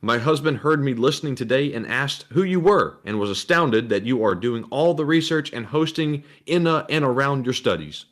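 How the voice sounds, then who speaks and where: A man co-hosting a live stream, reading out viewer messages in a flat, monotone way. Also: medium pitch, normal speed, hardly any pauses. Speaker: stream co-host reading super chats. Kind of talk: casual live-stream chat.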